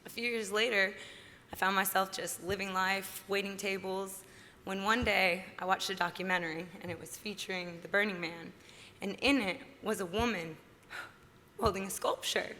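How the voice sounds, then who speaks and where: A bright, forceful young woman in her twenties delivers an earnest acceptance speech from a podium. Her voice carries a long reverb through a large hall, with a faint murmur of background noise. She speaks with heartfelt conviction that lifts with excitement. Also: mid-range voice, moderate pace. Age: 20s. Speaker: award winner giving an acceptance speech.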